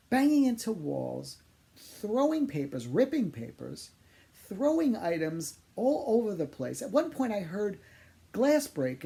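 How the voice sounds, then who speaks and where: A man working as a psychic medium, telling funny personal stories in an animated, exaggerating way. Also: high-pitched, gravelly. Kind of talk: humorous personal storytelling.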